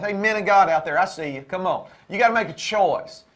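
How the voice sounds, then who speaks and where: A high-pitched man preaching about marriage with rising fervor, repeating phrases and pushing toward near-shouts. His voice sits well above the usual male range, and his delivery swings between quick runs and slow, stressed words. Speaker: co-host of a Christian marriage show. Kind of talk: preaching-style talk.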